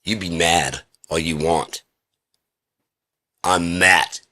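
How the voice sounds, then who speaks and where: Low-voiced guy ranting n swearing a lot, sharp edgy tone, just talking at home. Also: fairly even intonation, extremely slow. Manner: profane, ranting, lecturing. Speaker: vlogger. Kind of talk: casual rambling monologue. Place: indoor room with a heater.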